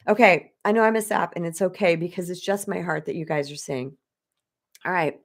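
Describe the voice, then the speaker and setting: A middle-aged woman coach talking live to her viewers and reading their chat, emotional and animated, speaking straight to the audience. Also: lowish voice, moderate pace. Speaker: spiritual empowerment coach.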